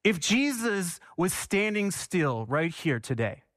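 High-voiced preacher, dry close sound. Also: male voice, big pitch swings, slow, fairly bright tone, no room sound. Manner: passionate, repeats for emphasis, asks the congregation questions. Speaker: pastor. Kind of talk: sermon.

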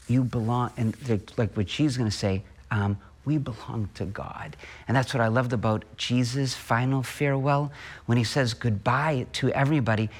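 Earnest man preaching a homily. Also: medium pitch. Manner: earnest, with rhetorical questions and emphatic pauses. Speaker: Catholic priest. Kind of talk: homily at Mass.

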